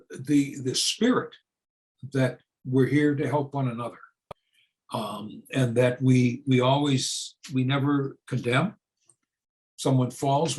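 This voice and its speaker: Older American man, halting and plain-spoken. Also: mid-range voice, rough recording. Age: 70s. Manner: conversational and searching, with frequent restarts and fillers; plain-spoken, rhetorical questions answered himself. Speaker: speaker on church reform. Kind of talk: unscripted talk to an audience.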